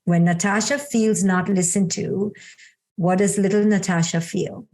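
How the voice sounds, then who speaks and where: A middle-aged woman speaking as a psychologist in a conversational interview. She leads a guest step by step with calm, steady questions and warm affirmations. Her pitch sits in an ordinary middle range. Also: unhurried. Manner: calm, affirming, repeats "beautiful". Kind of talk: guiding a coaching exercise in conversation.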